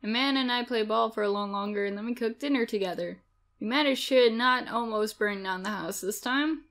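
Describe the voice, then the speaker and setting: A woman's voice: on the high side, fairly quick, a bit bright. Playful woman reading a game aloud. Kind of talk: reading a visual novel aloud.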